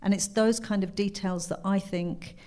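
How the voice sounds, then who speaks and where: A woman's voice: mid-range voice, steady tone, moderate pace, dark tone. A woman with an English accent, a guest author in a casual interview. She is chatty and self-deprecating, and she laughs often. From England.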